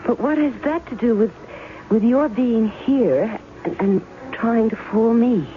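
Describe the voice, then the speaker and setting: An actress playing a guarded, sharp-tongued woman who doubts a man claiming to be her husband, in 1970s radio drama style. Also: a little high, a little slow, a little hiss or hum, lightly acted. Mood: stunned. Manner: cool, cutting. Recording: thin phone-like old radio broadcast with faint music.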